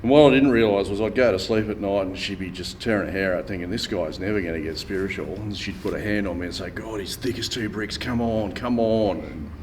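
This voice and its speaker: A man's voice: fairly low pitch, brisk, few pauses, recorded from a distance, slight background noise. Laconic man telling his story. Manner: laconic, wry, acts out the people he quotes. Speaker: church member giving testimony. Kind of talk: storytelling testimony. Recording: room ambience, voice a bit off-mic.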